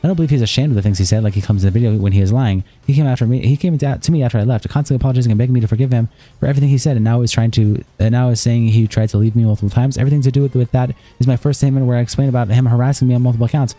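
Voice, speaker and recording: A man on a live stream, reading a written statement aloud in a rapid, flat way, stumbling and restarting now and then. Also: mid-range voice, faint music behind.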